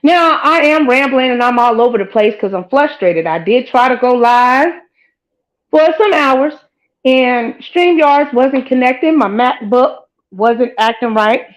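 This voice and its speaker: Animated, higher-voiced woman preaching to viewers. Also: unhurried, rough recording. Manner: animated, preachy, talks straight to viewers with "girl" and "child". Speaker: host of her own live-commentary channel. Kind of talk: casual rambling commentary to viewers.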